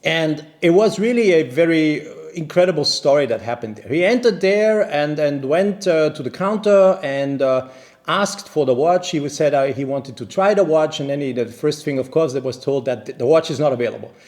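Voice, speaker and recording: A man tells a story to camera in English. His voice sits a little high, and he grows indignant as he talks. He keeps restarting his sentences while he gets the point across. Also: normal speed. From based in Vienna. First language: not English; speaks non-native English. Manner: animated, indignant, many restarts. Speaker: watch channel host.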